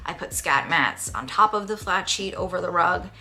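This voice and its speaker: A woman's voice: lowish voice, normal speed, pushed and bright, soft background music. A young woman vlogging casually at home, gushing and a little dramatic as she talks to the camera. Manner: gushing, self-aware dramatic. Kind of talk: casual vlog talk to camera. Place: home bedroom, indoors.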